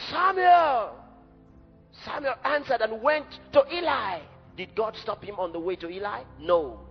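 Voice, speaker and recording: A man preaching a sermon in an emphatic, dramatic way, rising at times to a shout. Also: sits high. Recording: dull lo-fi recording in a reverberant hall with faint music.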